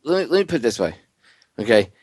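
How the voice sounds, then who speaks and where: A man's voice: mid-range voice, big pitch swings, fast talker, a little mellow, husky, no room sound. Blunt, sarcastic male radio host. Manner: blunt, sarcastic, heated ranting. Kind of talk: political talk radio chat.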